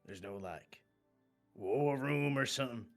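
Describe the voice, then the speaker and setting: Man, tabletop player, slow wry delivery, gravelly voice. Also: medium pitch, faint music behind. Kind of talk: playing a character in a tabletop game.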